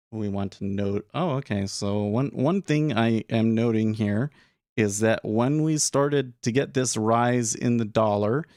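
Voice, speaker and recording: A man's voice: fairly low pitch, darkish tone, dry recording, clean studio sound. A young man casually talking through his trading day on a live stream, thinking aloud with frequent restarts and filler words.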